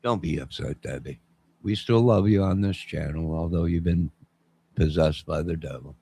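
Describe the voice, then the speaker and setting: Gravelly low-voiced man rambling on stream. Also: moderate pace, mellow. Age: 50s. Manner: rambling, jokey, responds to chat. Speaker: channel host. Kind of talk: rambling live-stream chat.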